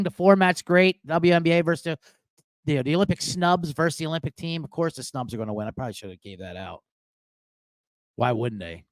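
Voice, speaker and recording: Lively, profane middle-aged male podcast host. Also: fairly high pitch, dry recording, clean studio sound. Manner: rambling, profane, jokey asides. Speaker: sports betting podcast host. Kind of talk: casual live show chat.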